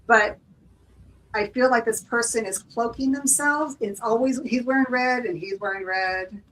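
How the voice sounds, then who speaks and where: A woman's voice: a little high, normal speed, a bit bright, recorded from a distance, a little hiss or hum, rough recording. A woman giving a casual live-stream tarot reading, rambling and apologetic, with many fillers. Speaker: tarot reader, co-host.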